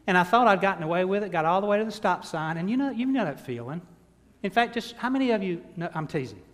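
A man's voice: sits high, expressive, quick pace, a bit bright. A man, preaching a sermon in a church and telling a personal story with self-deprecating humor. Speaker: pastor. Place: church sanctuary. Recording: long reverb of a large hall.

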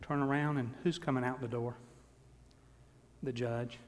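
A man's voice: medium pitch, fairly even intonation, a little slow. A man, preaching a sermon in a church and telling a personal story with self-deprecating humor. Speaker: pastor. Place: church sanctuary. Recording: long reverb of a large hall.

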